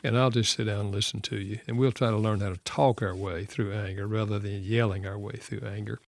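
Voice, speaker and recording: A man's voice: on the low side, fairly even intonation, brisk, vocal fry, no room sound. An older man with a Southern American accent, hosting a radio talk show, telling a personal story in an earnest, reflective way. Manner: earnest, reflective, softening to quiet. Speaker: radio show host and author.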